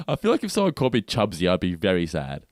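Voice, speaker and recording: A man's voice: fairly low pitch, huge pitch swings, brisk, darkish tone, no room sound, clean studio sound. A man co-hosting a podcast, recapping episode scenes in a chatty manner and laughing easily. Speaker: podcast co-host. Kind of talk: casual review chat.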